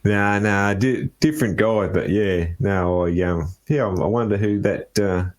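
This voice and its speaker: An Australian man hosting a podcast interview, talking in a halting way with lots of fillers and restarts. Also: on the low side. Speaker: podcast host. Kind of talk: casual interview chat.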